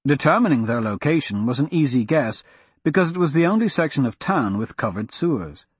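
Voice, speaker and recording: A man narrating a fantasy audiobook in a steady, measured storytelling manner. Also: mid-range voice, husky, no echo.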